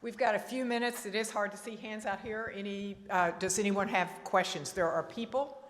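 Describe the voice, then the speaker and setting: A woman moderating a conference Q&A in a brisk, cheerful way. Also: mid-range voice, steady tone. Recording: hall reverb with a faint crowd.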